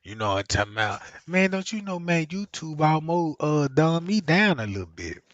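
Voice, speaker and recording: A male vlogger telling stories in a casual monologue, swinging between low muttering and loud exclamations, with frequent profanity and filler phrases. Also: sing-song, normal speed, no echo. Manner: peppers talk with profanity and "you know what I'm saying". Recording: slightly muffled, dry sound.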